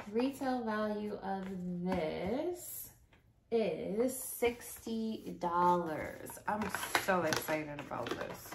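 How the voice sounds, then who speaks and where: A woman chatting through an unboxing, unhurried and drawn out, with a gushing, excitable way of repeating how cute everything is. Clear background noise runs under her voice. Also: lowish voice. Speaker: unboxing vlogger. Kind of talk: casual unboxing chat.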